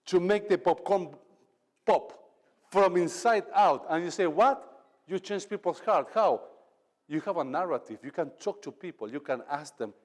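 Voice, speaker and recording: A man's voice: on the high side, a little mellow. Man speaking in a reverberant hall. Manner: emphatic, acts out quoted lines. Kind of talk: motivational talk on leadership. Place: event hall.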